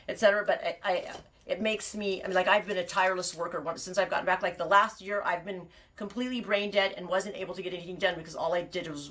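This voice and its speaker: A woman's voice: lowish voice, fairly bright tone. A middle-aged woman, a sheep farmer, chatting in a rambling, digressive way on a live stream, laughing often and restarting her sentences. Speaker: sheep farmer and knitting vlogger.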